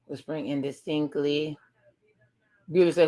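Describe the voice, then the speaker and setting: A woman's voice: low voice, steady tone, normal speed. A woman talking casually through a TV episode, retelling scenes and reacting with exclamations. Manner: chatty, narrates scenes aloud with exclamations. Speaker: reaction video host.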